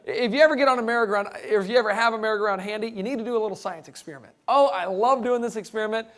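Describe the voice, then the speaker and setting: A man with a strikingly high voice gives a joking lecture to a live audience. He keeps it light and animated, with playful asides. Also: rapid-fire. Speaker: creationist speaker.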